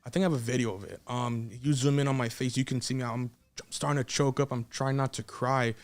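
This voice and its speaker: A man's voice: mid-range voice, steady tone, fast talker. A 21-year-old man from South Texas, a guest wrestler telling a story in a casual, emotional, rambling way with frequent restarts.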